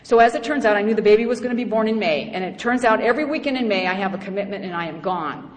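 A middle-aged woman giving a personal testimony at a recovery meeting. She tells it in an animated, humorous way and acts out other voices. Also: medium pitch, rapid-fire. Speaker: speaker sharing her story at a recovery meeting. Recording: echoey hall with faint background noise.

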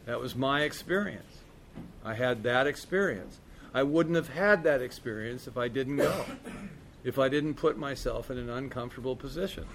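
A man's voice: medium pitch, moderate pace, background noise. A man candidly telling a recovery story in a casual, profane way, peppered with "man" and "you know". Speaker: speaker sharing his recovery story.

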